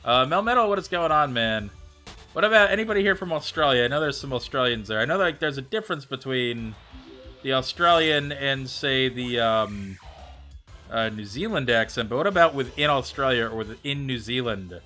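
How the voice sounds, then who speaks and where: Over soft background music, a man from the United States streams gameplay and chats casually with his audience. He speaks at medium pitch and normal speed, animated and sharp in tone. He talks a lot, thinks aloud, and reads and responds to chat.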